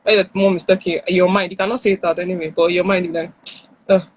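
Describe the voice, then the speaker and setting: A woman with a Nigerian accent speaks to parents on a live stream, lively, and she acts out the lines of parents and children. Her voice is a little husky. It sits close and dry, with no room around it. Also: lowish voice, fast talker, no room sound, muffled recording. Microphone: phone or headset on a live stream.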